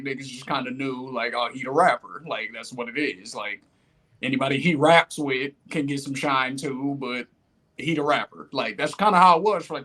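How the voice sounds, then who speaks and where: Young guy, podcast co-host, relaxed storyteller, middle-pitched voice. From Detroit, Michigan. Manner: laid-back storyteller, peppers speech with "like" and "you know what I'm saying". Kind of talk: casual chat, reminiscing.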